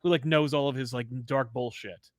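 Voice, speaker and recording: A man co-hosting a casual comic-book show from a rented studio, reading viewer messages and acting out characters in animated asides. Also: medium pitch, no room sound. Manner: animated, acts out characters in quick asides, many restarts. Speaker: co-host reading viewer super chats.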